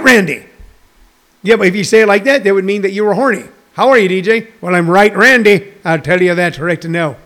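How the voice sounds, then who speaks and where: A man's voice: high voice, creaky. A man in his sixties, a comedian, talking casually and jokily to viewers on a live stream, rambling through stories and news. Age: 60s. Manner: rambling, jokey, addresses viewers directly.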